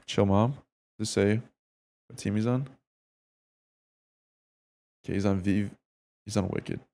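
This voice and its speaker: Laid-back, low-voiced male game streamer. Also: unhurried, gravelly. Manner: relaxed, slangy, swears, thinks aloud to chat. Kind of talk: casual live-stream commentary and demo review.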